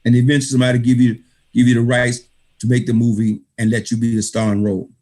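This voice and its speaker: A man speaks over a video call in a middle-pitched voice, delivering an emphatic motivational talk. He drives his points home by repeating key phrases in a preacher-like rhythm. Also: little pitch movement, quick pace, warm tone. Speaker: author thanking readers at an online book reading. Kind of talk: motivational speech.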